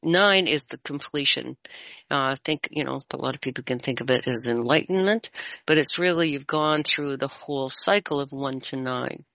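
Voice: medium pitch, moderate pace, creaky, bright, forceful tone, dry recording, highs cut off. Chuckling, rambling tarot reader. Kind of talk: casual conversation.

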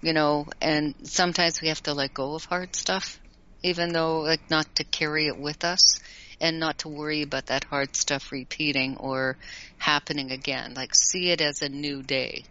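A woman and regular guest giving card readings in a casual live-stream chat, gentle and encouraging, laughing easily. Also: sits low, steady tone, normal speed, lo-fi sound.

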